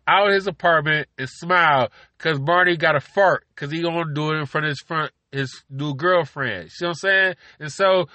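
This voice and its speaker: A man with a high, sharp-toned voice hosts a podcast from his car, and the recording has no room sound. He rambles casually and profanely, forever asking "you know what I'm saying".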